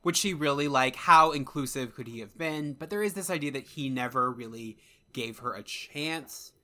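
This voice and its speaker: Bright-voiced man chatting animatedly. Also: mid-range voice, normal speed. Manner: animated, jokey, breaks into an impression of a character. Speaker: podcast co-host. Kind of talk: casual chat about a film.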